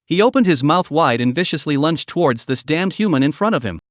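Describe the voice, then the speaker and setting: A man narrating a scripted story recap in a steady, even reading voice. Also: fairly high pitch, fairly quick, no room sound, clean studio sound.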